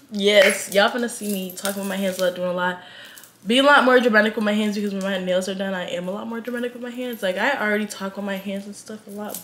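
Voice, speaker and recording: A woman's voice: medium pitch, a bit bright. Young atlanta girl vlogging, southern accent, dramatic and chatty, slangy, slight hiss in the back. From Atlanta, Georgia. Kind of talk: casual chat to camera.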